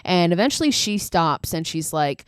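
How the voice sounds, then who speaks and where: A woman's voice: lowish voice, sing-song, moderate pace, smooth, dry recording, clean studio sound. A woman hosting a podcast, casually recapping a film with lots of swearing and gushing asides. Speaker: podcast host.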